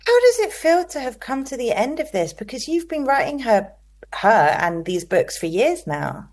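A woman's voice: a little high, sing-song, normal speed, darkish tone. A woman interviewer asking an author questions with enthusiasm.

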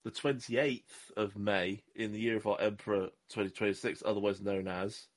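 This podcast co-host from southwest England has a fairly low, steady voice and speaks at a moderate pace. He rambles through casual chat, joking and poking fun at himself.

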